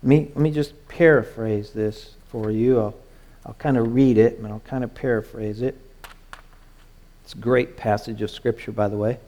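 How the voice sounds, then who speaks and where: A man preaching a sermon, moving between hushed, soft lines and raised, urgent pleading. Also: fairly low pitch, fairly even intonation, normal speed. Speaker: pastor.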